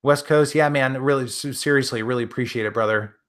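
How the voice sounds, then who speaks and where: A friendly man with a Midwestern accent, talking loosely through a live stream. His pitch sits in an ordinary middle range, and he stumbles and restarts often, filling gaps with ums and uhs. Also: fairly quick, fairly bright tone. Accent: Midwestern American. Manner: friendly, rambling, many fillers and restarts. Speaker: gun channel host answering live chat. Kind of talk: casual live-stream chat.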